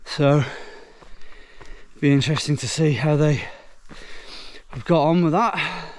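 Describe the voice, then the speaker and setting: A man's voice: fairly high pitch, slow. Breathless man vlogging a woodland hike. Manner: chatty, exclaims at the scenery, puffing between remarks. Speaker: hiking vlogger. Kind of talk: casual walking commentary. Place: woodland trail outdoors.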